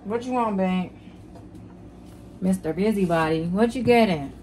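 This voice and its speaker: Chatty young mom vlogging at home. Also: female voice, mid-range voice, unhurried, darkish tone, a little hiss or hum. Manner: chatty, addresses viewers as y'all constantly. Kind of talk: casual home vlog talking to camera. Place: home kitchen and living room.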